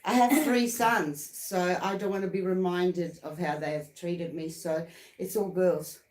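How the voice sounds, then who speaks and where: A woman's voice: lowish voice, fairly even intonation, measured pace. A middle-aged Australian woman chatting on a live stream, telling stories and laughing at them. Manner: warm storyteller, laughs at her own stories. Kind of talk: casual live chat. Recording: echoey room.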